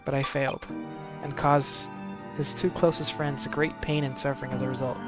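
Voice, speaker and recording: Man reading a contrite inspector, quiet, music under. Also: medium pitch, flat delivery, moderate pace, close to an everyday voice. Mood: remorseful. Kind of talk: reading game dialogue aloud.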